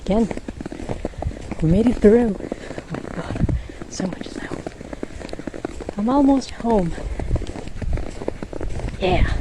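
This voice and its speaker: A woman's voice: medium pitch, lively intonation, slow, long pauses, noisy background. A woman hosting a podcast, chatting in a rambling casual way while walking outdoors on a snowy street, laughing often and a little winded. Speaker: podcast host.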